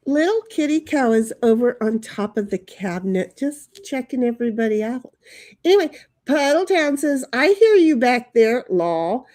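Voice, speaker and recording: This woman hosts a livestream, chatting casually and reading out viewer comments. She rambles from story to story, laughs often, and her voice sits a bit high. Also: sing-song, normal speed, darkish tone. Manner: rambling, laughs often, breaks into sung jingles. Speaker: livestream host.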